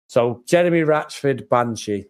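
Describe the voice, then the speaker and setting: A young British man co-hosting a podcast, animated and laughing often as he chats. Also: mid-range voice, unhurried. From Britain. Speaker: podcast co-host. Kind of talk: casual chat.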